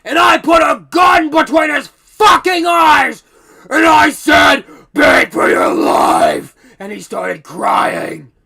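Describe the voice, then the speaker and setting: A man's voice: very high-pitched, big pitch swings, slow pace, gravelly, pushed and bright, shouting, pitched above the performer's own voice, exaggerated voice. A man voicing an aggressive, foul-mouthed older male janitor who barks and rants. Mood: ranting. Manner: barking, hostile, profane.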